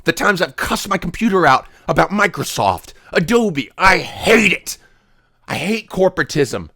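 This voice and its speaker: Ranting man with a bright, lively voice. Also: fairly high pitch, moderate pace, creaky. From United States. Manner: indignant, ranting, swings from loud outbursts to quiet asides. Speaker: vlogger. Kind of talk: heated rant to camera.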